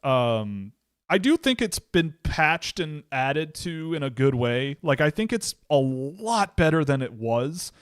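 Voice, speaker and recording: This young man co-hosts a casual hockey chat show, his voice on the high side, sing-song and slow with a clean tone. He rambles through anecdotes, telling stories and often cutting himself off mid-sentence, in a dry, clean studio recording.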